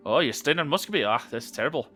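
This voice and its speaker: A man voicing a gruff, chatty old male pub owner. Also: medium pitch, expressive, fast, bright, forceful tone, soft background music, pitched above the performer's own voice. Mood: scornful. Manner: gruff and rambling, calls people love.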